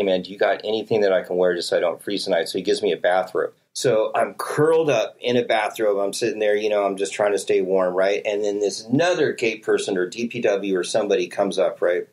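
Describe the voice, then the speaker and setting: A man telling a long story in casual talk, swearing often and acting out what people said. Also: lowish voice. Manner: animated, profane, acts out quotes with voices. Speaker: podcast guest telling a story.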